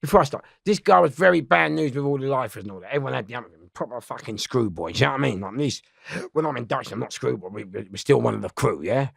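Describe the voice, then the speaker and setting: A man's voice: medium pitch, lively intonation, quick pace, creaky, a bit bright, slightly rough, dry recording, clean studio sound. A man telling rambling prison stories as an interview guest, swearing and laughing, often restarting. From London. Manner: swearing, laughing, keeps restarting his story.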